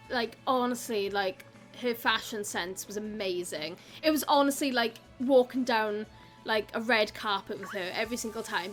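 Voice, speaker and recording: A young woman with a Welsh accent chats away to her stream viewers, giggling and peppering her sentences with "like". Her voice sits high. Soft music plays faintly behind her. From South Wales. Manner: chatty, giggly, lots of "like". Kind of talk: casual live-stream chat.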